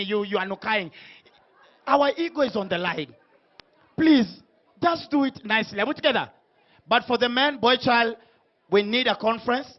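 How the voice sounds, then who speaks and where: A man hosting a comedy talk show in a strikingly high voice. He ribs his guests and throws shouted lines at the crowd. The recording sounds muffled and lo-fi. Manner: teasing, punchy, shouts hype lines to the crowd. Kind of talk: comic stage hosting before a live audience.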